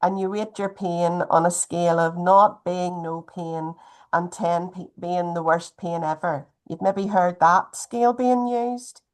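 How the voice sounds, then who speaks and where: A woman giving a gentle, chatty health talk over a video call. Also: on the low side, fairly even intonation, unhurried. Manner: gentle, chatty, uses wee often.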